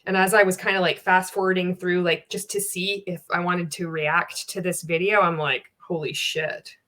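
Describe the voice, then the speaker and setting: A bright, sharp-toned woman gives casual commentary on a clip she is reacting to. She speaks bluntly, swears freely and breaks into wry laughs. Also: on the low side, flat delivery, normal speed. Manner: candid, profane, wry, laughs often. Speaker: reaction video host.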